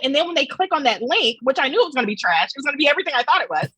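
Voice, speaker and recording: A woman guest on a podcast, talking in an animated, emphatic and blunt way with casual swearing. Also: high-pitched, racing, hardly any pauses, background noise.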